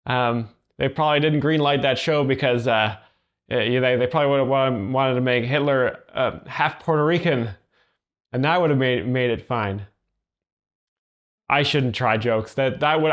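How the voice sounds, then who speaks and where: A man halting through earnest commentary that explains jokes. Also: mid-range voice. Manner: hesitant, halting, lots of fillers. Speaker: joke explainer.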